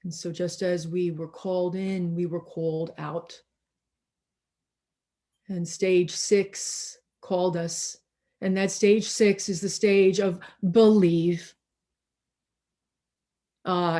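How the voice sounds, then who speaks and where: Over a video call, a woman preaches a slow, contemplative sermon in a warm, mid-range voice. She seems slightly weary, and she pauses for emphasis and repeats words as she goes.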